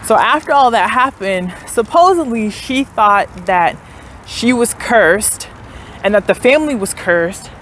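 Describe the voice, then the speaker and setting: A woman's voice: a little high, lively intonation, unhurried, a bit bright, slight background noise. A young woman talking casually to her viewers while touring a historic house, filling her talk with "like" and unsure asides. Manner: chatty, many "like" fillers, unsure asides. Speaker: vlogger. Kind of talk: casual travel vlog narration. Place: outdoors and in a tourist building.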